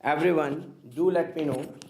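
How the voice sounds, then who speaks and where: A man teaching a live online chemistry class, talking slowly and repeating himself as he calls his students kids. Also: on the high side, steady tone, noisy background. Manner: slow, repetitive, addresses students as kids.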